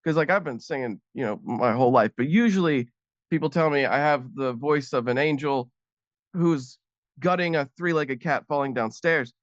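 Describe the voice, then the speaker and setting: A man's voice: medium pitch, moderate pace, dry recording, highs cut off. A man, a guest comedian, telling a rambling story in casual chat with many fillers.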